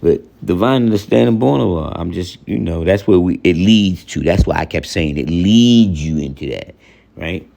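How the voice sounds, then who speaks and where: A man's voice: low voice, animated, moderate pace, gravelly, mellow. A man giving an informal spoken lesson. He rambles and repeats himself, counts off terms one by one, and keeps checking with the listener. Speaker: teacher of religious lessons.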